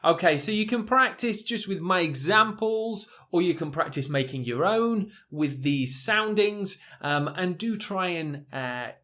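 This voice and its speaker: A man teaching English pronunciation in a recorded lesson, talking slowly and patiently with fillers and repeating sounds for learners to copy. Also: high voice, lively intonation, bright, forceful tone. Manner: slow and patient, modelling sounds, many fillers.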